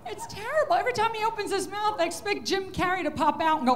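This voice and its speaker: A woman's voice: very high-pitched, expressive, quick pace. A woman stand-up comedian telling pet jokes in a chatty, self-interrupting way, often laughing.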